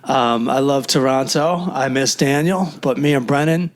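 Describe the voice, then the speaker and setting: A man co-hosting a casual comedy podcast, chatty and quick to swear and laugh. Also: mid-range voice. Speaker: podcast co-host; stand-up comedian. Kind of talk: casual chat.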